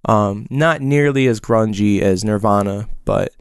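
Smooth-voiced man rambling about a concert. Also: lowish voice, unhurried, no echo, clean studio sound. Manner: rambling, chatty storytelling with frequent fillers. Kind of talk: casual chat.

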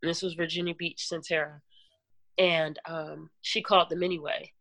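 A woman guest giving an earnest personal testimony in an interview, talking in halting runs with restarts and fillers. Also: low voice, flat delivery, a bit bright, no echo. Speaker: podcast guest.

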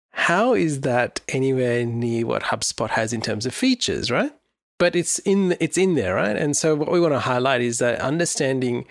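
A man's voice: mid-range voice, dry recording, clean studio sound. A man co-hosting a marketing podcast, introducing segments and chatting casually. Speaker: podcast co-host.

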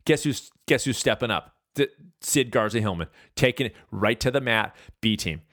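Animated ranting man on a podcast. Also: medium pitch, normal speed, no echo, clean studio sound. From California. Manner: animated, ranting, self-deprecating. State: out of breath. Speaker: podcast host. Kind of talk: casual monologue.

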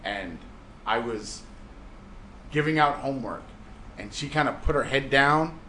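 A man hosting a casual podcast chat with friends, telling stories in an animated, laughing way. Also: medium pitch, a little slow, slight background noise, low-quality recording. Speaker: podcast host, teacher. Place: indoor podcast taping with friends.

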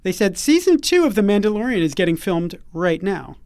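Male podcast host, 40s, playful and quick to tease, runs the show; dry close-mic sound. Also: sits high, big pitch swings, a little mellow, smooth, no echo. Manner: playful, teasing, runs the segments. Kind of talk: casual podcast chat.

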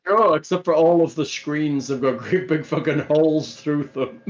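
A man's voice: on the high side, normal speed. Laid-back man running a tabletop game. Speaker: game master. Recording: dull lo-fi audio.

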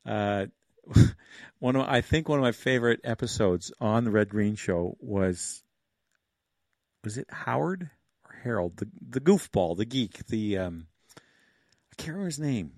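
A man's voice: fairly low pitch, expressive, unhurried, darkish tone, no echo, studio quality. A man in his sixties from Canada, hosting a casual livestream, rambling, chuckling and thinking aloud as he talks to his viewers. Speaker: livestream host.

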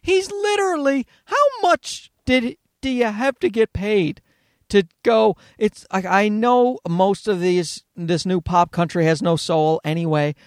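A man's voice: high-pitched, fairly even intonation, measured pace, a little mellow, clear, resonant tone, dry recording, clean studio sound. A man hosting a podcast, ranting in a profane, exasperated comic monologue. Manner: profane, exasperated ranting with mocking put-on voices. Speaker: podcast host.

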